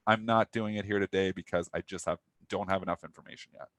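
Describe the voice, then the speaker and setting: Fast-talking young man, dry studio sound. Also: low-pitched, fairly even intonation, fairly bright tone, dry recording. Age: young adult. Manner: candid, restless, repeats himself. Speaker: co-host. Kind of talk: live trading talk show chat.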